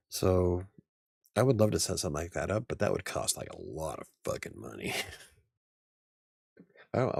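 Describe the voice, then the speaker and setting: A man's voice: low voice, gravelly, darkish tone, no room sound, clean studio sound. A man hosting a casual livestream chat, rambling, joking at his own expense and laughing often. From United States. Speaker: livestream host.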